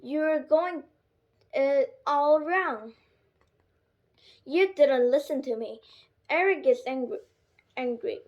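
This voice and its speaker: Woman reader, high voice, slow, careful storybook reading with frequent self-corrections. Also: highs cut off. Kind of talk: reading a graded storybook aloud.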